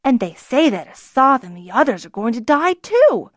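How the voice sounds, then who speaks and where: A woman voicing a small frightened boy who pleads in a high, quavering voice in an audiobook. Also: sing-song, normal speed, dry recording, clean studio sound. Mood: protesting.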